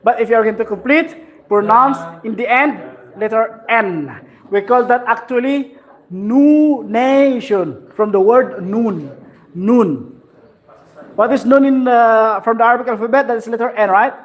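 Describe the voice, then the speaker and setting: Slow, patient male Quran teacher. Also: extremely high pitch. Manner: patient, repeats sounds and checks understanding. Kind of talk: slow classroom instruction.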